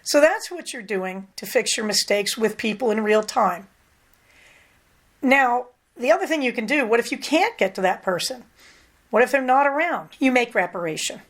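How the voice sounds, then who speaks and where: An older woman hosting a podcast, talking candidly in a casual, conversational monologue with lively emphasis. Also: on the high side, moderate pace. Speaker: podcast host.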